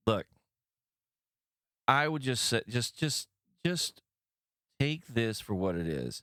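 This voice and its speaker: A man's voice: medium pitch, animated, slow, pauses often, fairly bright tone, smooth, no echo, studio quality. A man hosting a podcast, giving blunt, profane opinion commentary on news stories and ranting with mock voices for the people he criticizes. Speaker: podcast host.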